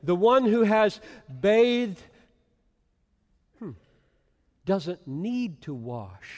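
A man preaching an expository sermon, swinging from hushed whispers to loud emphatic bursts. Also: high voice, very animated, very slow, long pauses. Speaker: pastor. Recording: long hall reverb.

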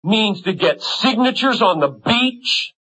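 Man, preacher, sermon, slow measured delivery, fervent then hushed, slightly high voice. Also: animated, husky, rough recording. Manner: impassioned, rising to fervent intensity and dropping to hushed tones.

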